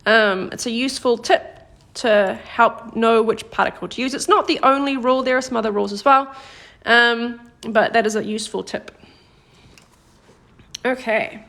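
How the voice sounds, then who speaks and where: A woman's voice: on the high side, creaky, fairly bright tone. Patient, encouraging woman teaching a lesson. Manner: patient, encouraging, praises viewers by name; slows down to model example sentences. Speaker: Korean language teacher. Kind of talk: live-streamed grammar lesson.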